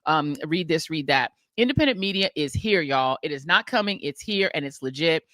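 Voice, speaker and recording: A middle-aged American woman hosting a podcast, telling a story in lively casual chat and acting out the people she quotes. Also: deep voice, moderate pace, no echo. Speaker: podcast host.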